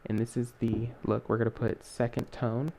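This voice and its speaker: Young male tutorial host, mellow tone, chatty and self-correcting, faint background noise. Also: mid-range voice, little pitch movement, moderate pace, gravelly. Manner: rambling, self-correcting, many fillers. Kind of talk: casual screen-recorded tutorial.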